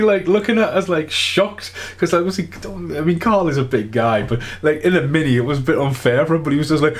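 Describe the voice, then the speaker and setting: A man rambling through casual vlog outtakes at home, telling stories in an excitable way with some swearing. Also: a little high, moderate pace, few pauses. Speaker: vlogger. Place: home, partly in the attic.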